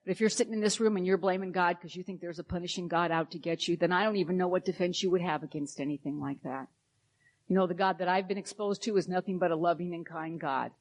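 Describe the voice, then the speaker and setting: A woman's voice: fairly low pitch, steady tone, fast. A woman sharing a personal story at a recovery meeting, candid and wryly humorous.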